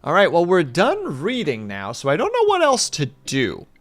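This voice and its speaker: A man's voice: on the high side, huge pitch swings, moderate pace, no echo. A man streaming live, chatting casually and rambling with his viewers in a self-deprecating way.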